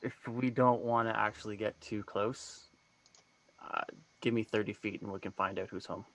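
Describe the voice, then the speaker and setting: A man playing a tabletop game, laid-back and often trailing into a low mutter. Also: fairly even intonation, normal speed, fairly bright tone. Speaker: player.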